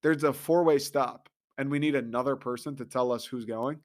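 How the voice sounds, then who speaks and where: A man's voice: medium pitch, animated, normal speed. A man hosting a show, delivering a profane, sarcastic comedic rant in an exasperated tone. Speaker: podcast host.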